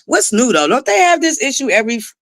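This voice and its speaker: A woman's voice: sits high, big pitch swings, fast, no room sound. A woman hosting a casual livestream who greets chatters by name, laughs often and swears freely. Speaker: livestream host.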